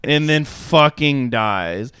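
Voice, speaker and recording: This young man speaks slowly in a smooth, mid-range voice, with no room sound. As a podcast co-host in a casual chat, he spins a rambling, profanity-laced anecdote and voices the people in it.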